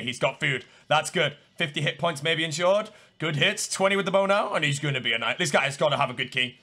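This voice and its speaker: Excitable gamer, lively and gravelly. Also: male voice, on the high side. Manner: excitable, swings between muttering and yelling. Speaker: gaming streamer. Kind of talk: live gameplay commentary.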